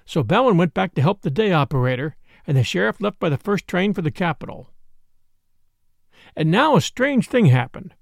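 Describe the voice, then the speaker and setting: A man reading a classic story aloud as an audiobook, in a measured way. His voice is high and gravelly and moves widely in pitch. The recording is close and dry. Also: sing-song, dry recording. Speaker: narrator.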